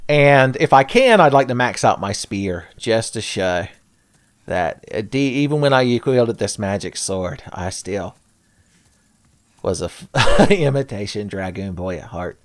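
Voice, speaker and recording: A man's voice: on the low side, expressive, a little slow, dry recording. A man narrating a Let's Play, sarcastic and profane, with frequent jokes aimed at his viewers. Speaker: gameplay commentator.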